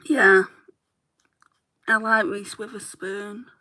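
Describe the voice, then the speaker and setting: A woman's voice: mid-range voice, steady tone, slow, sharp tone, poor audio. A woman beauty YouTuber chatting casually while doing her makeup, rambling and laughing easily as she talks.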